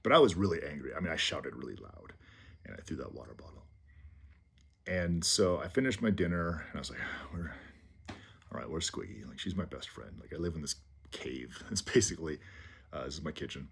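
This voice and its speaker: A man casually telling a rambling personal anecdote in his small home, halting with fillers. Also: very deep voice, very animated, gravelly, a bit bright, husky. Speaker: vlogger. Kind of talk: casual storytelling. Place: small low-ceilinged home.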